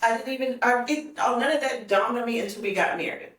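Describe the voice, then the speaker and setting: Podcast guest, woman, animated storyteller, roomy distant sound. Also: fairly high pitch, quick pace. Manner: animated, laughs often while telling stories. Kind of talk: casual storytelling.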